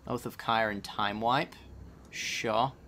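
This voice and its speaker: A man's voice: lowish voice, steady tone, slow pace, bright, forceful tone, slight background noise. A man casually commenting on his own card game as he plays, thinking aloud about each move. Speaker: gaming channel host.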